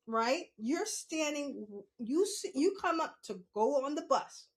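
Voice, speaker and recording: A middle-aged woman, telling stories in a casual monologue, animated and laughing often as she acts out what people said. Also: high-pitched, unhurried. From New York City. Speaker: podcast host.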